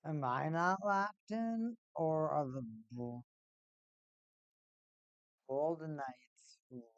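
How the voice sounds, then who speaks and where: A man with a slightly high voice talks casually through a hockey watch-party stream. He rambles and repeats himself in an easygoing way. The sound is dry and close, with no room echo, from a desk mic at home. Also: slow pace, smooth, lo-fi sound. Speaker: live-stream host.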